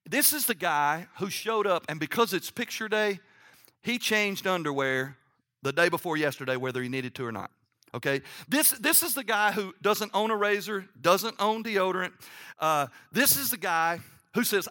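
Animated middle-aged pastor with a bright voice. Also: male voice, normal speed. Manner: animated storytelling with sudden drops to a hushed, low voice; reads scripture aloud, acting out the characters' lines. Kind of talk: sermon.

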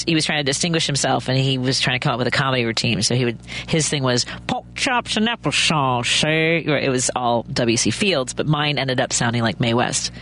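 A woman's voice: deep voice, a bit bright, a little hiss or hum. Chatty Chicago woman radio host. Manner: chatty, storytelling, many restarts. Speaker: radio talk show host and stand-up comic. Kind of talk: radio talk show chat.

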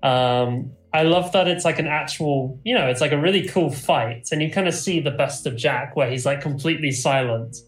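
A man's voice: on the high side, normal speed, hardly any pauses, roomy sound, faint music behind, rough recording. A man co-hosting a podcast in casual chat, enthusiastic and rambling with lots of fillers. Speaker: podcast co-host.

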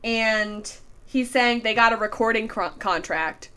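Canadian woman cohosting a tv recap podcast, highish voice, chatty, trails off quiet. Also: measured pace, smooth. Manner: chatty, trails off softly at sentence ends. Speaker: podcast co-host. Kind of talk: casual chat about a TV episode.

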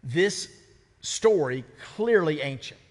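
A man's voice: fairly high pitch, expressive, slow. Preaching man in a reverberant sanctuary. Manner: conversational preaching with rhetorical questions. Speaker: pastor. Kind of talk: sermon. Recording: church sanctuary with long reverb.

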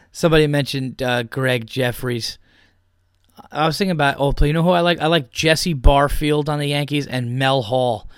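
A man's voice: on the high side, normal speed, clear, resonant tone, no room sound, studio quality. A man hosting a podcast, ranting about football in a heated, profane way and repeating his points. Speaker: podcast host. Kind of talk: opinionated sports rant.

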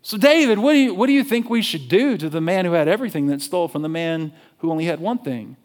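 A male pastor preaching a sermon in an animated, conversational storytelling way. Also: high voice, quick pace.

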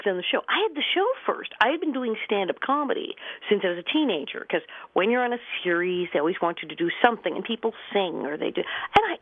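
A woman's voice: mid-range voice, no echo. Guest, woman, 50s, chatty storyteller on a phone-line call-in. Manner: chatty storyteller, laughs often. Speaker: actress and comedian guest. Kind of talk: radio interview.

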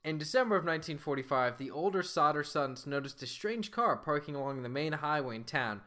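A man's voice: a little high, animated, fairly quick, bright, forceful tone. A young man co-hosting a podcast, telling a true story in casual chat and laughing often as he goes. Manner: laughs often while telling, puts on voices for quotes.

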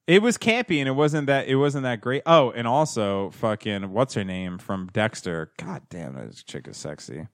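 A man's voice: fairly low pitch, animated, moderate pace, few pauses, no room sound, clean studio sound. A man chatting casually, rambling and stumbling with fillers while he hunts for names. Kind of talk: casual crude banter.

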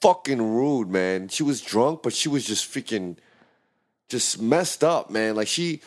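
A man casually telling a story about his bartending shift to friends, swearing a lot and acting out the shouting in the quotes. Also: medium pitch, measured pace. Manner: animated, profane, acts out shouting in quotes.

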